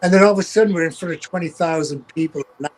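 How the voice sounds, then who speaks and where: A man's voice: fairly high pitch, racing, poor audio. An older man with a Geordie accent, a guest telling rambling, profane road stories. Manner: salty, swears freely, rambling. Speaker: guest, veteran tour manager. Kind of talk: casual anecdotal storytelling.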